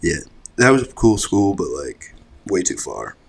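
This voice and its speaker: A young man with a very low voice talks loosely through a personal story as a podcast guest. He rambles, leans on "like", and curses casually. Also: very animated, a little slow, vocal fry, slightly rough. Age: young adult. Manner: laid-back, rambling, swears freely, fills with "like". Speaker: podcast guest, college lacrosse player.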